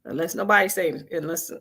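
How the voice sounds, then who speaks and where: A woman's voice: medium pitch, fairly bright tone. A woman hosting a weekly spiritual vigil on a live stream, talking informally and earnestly, repeating phrases and coaxing listeners to answer. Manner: colloquial and earnest.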